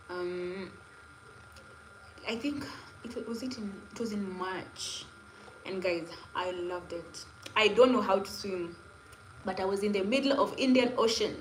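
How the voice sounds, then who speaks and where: A young woman from Kenya with a Kenyan accent, chatting casually and rambling to viewers on her live stream. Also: lowish voice. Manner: chatty, rambling, laughing asides. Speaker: livestreamer. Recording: echoey room with faint noise.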